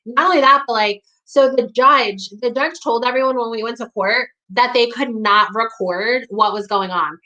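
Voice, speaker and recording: Woman, New York accent, outspoken, emphatic, high-ish voice, candid talk to camera. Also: normal speed, hardly any pauses, bright, forceful tone, highs cut off. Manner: blunt and emphatic, heavy use of "like", swears when riled. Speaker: community talk host.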